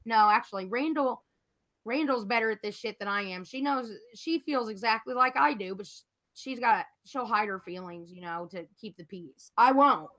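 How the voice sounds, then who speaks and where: A woman's voice: fairly high pitch, moderate pace, fairly bright tone. A woman venting angrily and profanely in a casual livestream chat. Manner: profane, heated, ranting. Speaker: livestream guest.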